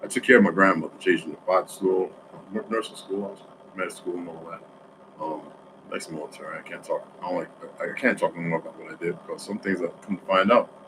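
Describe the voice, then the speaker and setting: A man from New Jersey talking in a rambling, profane monologue, swinging between loud outbursts and quiet asides. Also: deep voice, a little fast, background noise.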